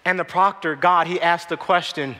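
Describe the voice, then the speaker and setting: Impassioned high-voiced male preacher. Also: steady tone, moderate pace, in a large hall. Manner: impassioned, swinging from loud to hushed. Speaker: pastor. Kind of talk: sermon. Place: church hall.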